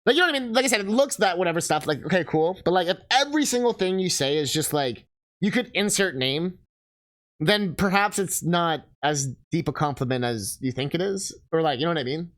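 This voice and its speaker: A man's voice: on the high side, animated, brisk, a bit bright. A male livestreamer chatting casually while playing a game, rambling with lots of fillers and swearing freely. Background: game music.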